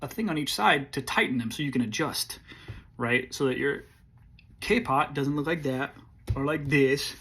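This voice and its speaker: A man in his forties, an army veteran, telling a story in a casual, laid-back way, swearing freely and often clearing his throat. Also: medium pitch.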